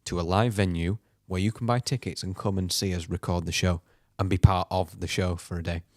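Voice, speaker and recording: Deep-voiced man, dry close sound. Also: brisk, no echo. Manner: relaxed, brief interjections. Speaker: podcast co-host, guitar teacher. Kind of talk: casual podcast chat.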